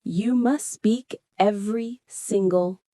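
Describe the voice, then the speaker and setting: A woman leads a scripted English lesson, taking her time over each phrase. Her voice sits at a middle pitch and every word comes out clear and deliberate. The sound is close and dry, with no room around it. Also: dark tone, dry recording. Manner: slow, clear, deliberate delivery. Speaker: English teacher. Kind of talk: scripted teaching dialogue.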